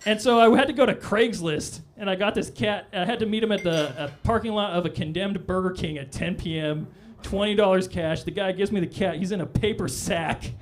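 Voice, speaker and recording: High-voiced man doing stand-up. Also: brisk, hardly any pauses. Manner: loose, rambling delivery with frequent "all right?" asides. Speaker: stand-up comedian. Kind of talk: stand-up comedy set. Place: comedy club stage, live audience.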